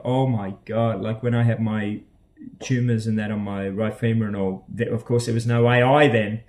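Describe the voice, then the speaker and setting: An Australian man talks casually to camera in a vlog, wandering from point to point. His speech is full of ums, uhs and restarts, but his pitch sits in an ordinary middle range. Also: darkish tone. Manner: rambling and hesitant, with many ums and uhs. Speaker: vlogger.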